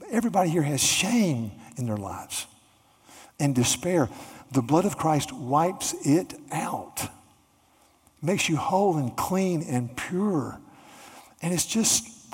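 Husky-voiced preacher in a reverberant hall. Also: male voice, mid-range voice. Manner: earnest, builds to excited storytelling with many restarts. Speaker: pastor. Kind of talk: sermon.

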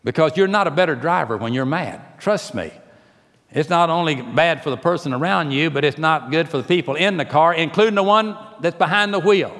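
A man preaching a sermon, swinging between emphatic bursts and slow, drawn-out phrases. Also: fairly high pitch, big-room sound. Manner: rising to emphatic, rapid bursts then slowing to quiet, drawn-out phrases.

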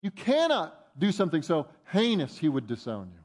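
A man preaching a sermon, animated, jumping up in pitch to voice the disciples' protests and dropping soft for reflective points. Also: normal speed. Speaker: pastor.

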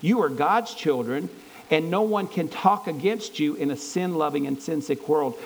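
A man's voice: a little high, normal speed, poor audio. A man preaching a sermon in an earnest, conversational way, stumbling and restarting as he reads and explains scripture. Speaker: pastor.

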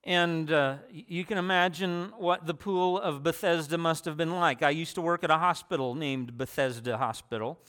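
A man's voice: a little high, normal speed, hardly any pauses, a bit bright. A man preaching a sermon in a conversational way, restarting phrases and adding personal asides.

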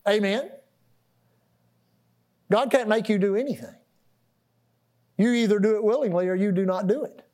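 A pastor whose voice sits high preaches at a moderate pace, pausing often. He builds his sermon through repeated and restarted words, call-and-response questions to the congregation, and shifts between louder and softer moments in an animated style.

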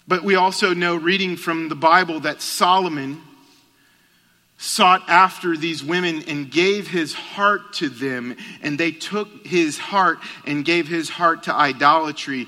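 Bright-voiced pastor in a reverberant hall. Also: male voice, moderate pace. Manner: storytelling, drops soft and low for tender moments. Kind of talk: sermon.

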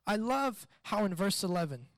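A man preaching a sermon in a conversational, animated way, retelling a story and repeating questions. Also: high-pitched, moderate pace, no room sound. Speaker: pastor.

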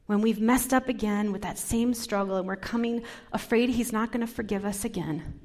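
A woman pastor giving a sermon, talking softly and dropping into whispers to stress her points. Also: mid-range voice, normal speed, hardly any pauses. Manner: soft, drops into whispers for emphasis.

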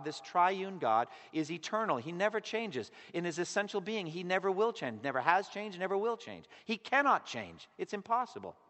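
A man preaching a sermon in an earnest way, his voice swelling loud on key words and then dropping to a hush. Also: fairly high pitch. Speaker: pastor. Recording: long echo of a large hall.

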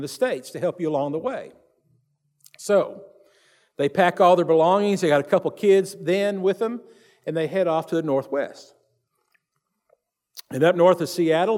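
A man's voice: a little high, darkish tone, big-room sound. A man, a pastor telling a story in a sermon and acting out the people in it. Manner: retells stories with quoted voices, repeats phrases.

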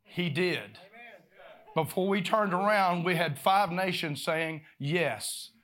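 Animated preacher, higher voice. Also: male voice, takes it slowly. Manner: animated, repeats words, laughs, swings from loud to soft. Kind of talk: sermon storytelling.

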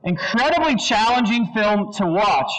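High-voiced preacher quizzing a congregation. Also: male voice, unhurried, low-quality recording. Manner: animated storyteller, asks the audience questions; brief movie-line impressions. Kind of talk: sermon.

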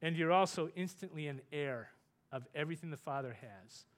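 A man preaching a sermon, earnest, rising loud for emphasis and dropping soft on tender points. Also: brisk. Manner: earnest, rises in pitch and volume for emphasis, softens for tender points.

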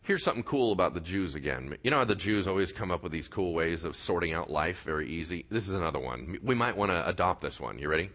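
A man over forty preaching a sermon, swinging from quiet low passages to loud raised ones. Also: lively intonation, fast, few pauses. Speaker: pastor.

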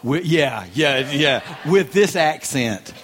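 A man's voice: a little high, expressive, slow, fairly bright tone. A man with a Southern US accent, a guest speaker giving a sermon in a folksy, joking and emphatic way. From American South.

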